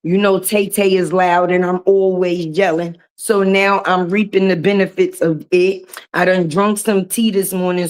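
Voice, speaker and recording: A hoarse-voiced woman hosting a casual live stream from a garage, chatting and greeting viewers by name and calling them baby. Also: medium pitch.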